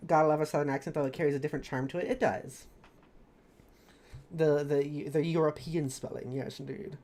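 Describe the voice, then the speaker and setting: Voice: medium pitch, fairly even intonation, brisk, darkish tone. A streamer reading a story recap of a tabletop campaign, chatty and rambling. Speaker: streamer narrating campaign lore.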